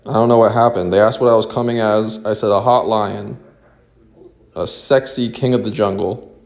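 A man giving a short deadpan joking monologue. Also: fairly low pitch, normal speed, gravelly.

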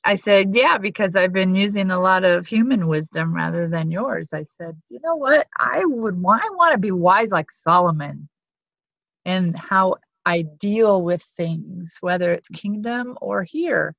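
A woman's voice: on the low side, animated, unhurried, creaky, a bit bright, no room sound. A woman sharing a spiritual testimony in a searching way, thinking aloud as she goes. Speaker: prayer group member. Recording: dry, muffled lo-fi audio.

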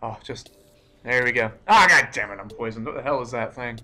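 A young man giving live commentary while playing a game, excitable, cursing often and breaking into startled outbursts. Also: mid-range voice, a little fast. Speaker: let's play gamer.

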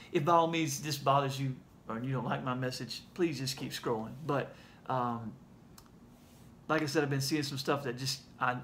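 A man with a Southern accent sharing a heartfelt message in a casual video, speaking earnestly and haltingly, with many fillers. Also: medium pitch, a bit bright, slight background noise. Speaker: ministry leader sharing a message.

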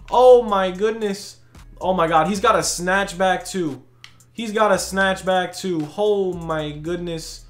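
A man giving live commentary over his own basketball video game play, slangy and hyped, breaking into shouts of disbelief. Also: sits high. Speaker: gaming YouTuber. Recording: echoey room.

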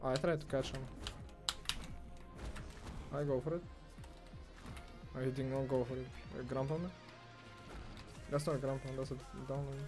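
A young man commentating on his own gameplay, excitable and foul-mouthed, swinging from muttering to yelling and ranting. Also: medium pitch, moderate pace, pauses often, music in the background. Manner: excitable, swears, rants, swings from mumbling to yelling. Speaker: gamer streamer.

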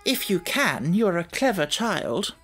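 A man voicing a cold, stern schoolmistress with a sharp, clipped way of speaking in a storybook reading. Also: high voice, big pitch swings, takes it slowly, husky, voice pushed up, full character voice. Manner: sharp, clipped, then stiffly approving.

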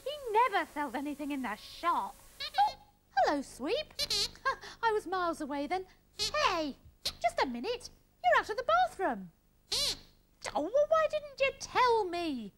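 A very high, squeaky panda girl from a children's puppet show. She chatters eagerly and turns bossy in a flash, her voice leaping all over the place. A light hiss sits under it. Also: wildly swooping pitch, unhurried, full character voice. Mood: bubbly.

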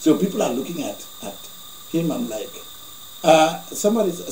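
Brief: high-voiced male preacher, animated storyteller, echoey room. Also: moderate pace. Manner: animated storyteller, laughing asides. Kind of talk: sermon storytelling.

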